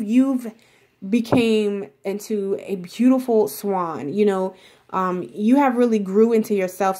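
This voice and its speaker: A woman's voice: mid-range voice, warm tone. A woman giving a casual tarot reading, talking straight to the viewer in a rambling, reassuring way full of filler words. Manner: addresses viewer directly and reassuringly. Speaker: tarot reader.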